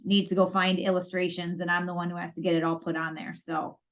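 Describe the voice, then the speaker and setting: A woman with a lowish, flat voice talks at a quick pace while co-hosting a podcast. Her casual storytelling involves reenacting both sides of previous conversations, captured in dull lo-fi audio.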